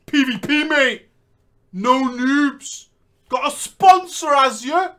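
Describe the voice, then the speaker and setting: A man's voice: very high voice, animated, slow, a bit bright, heavily acted. A man voicing a cocky male PvP gamer who taunts and keeps saying mate. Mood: taunting.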